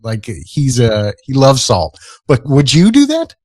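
A man co-hosts morning radio from the studio, chatting and spinning little stories with an amused tone. His voice sits at a middling pitch, and the room sounds dry and close. He talks easily with his co-hosts. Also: huge pitch swings, unhurried, darkish tone, no echo. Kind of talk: casual morning show banter.

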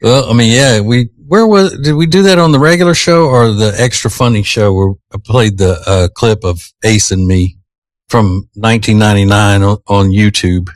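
A man's voice: on the low side, normal speed, no room sound. A man with a Southern US accent, hosting a radio morning show in easygoing, self-teasing banter. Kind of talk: casual on-air banter. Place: radio studio. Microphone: studio microphone.

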